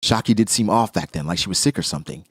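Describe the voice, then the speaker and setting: A man giving casual, excitable reaction commentary on a manga chapter, exclaiming and joking as he reads. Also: lowish voice, fast talker, breathy edge, no echo, clean studio sound.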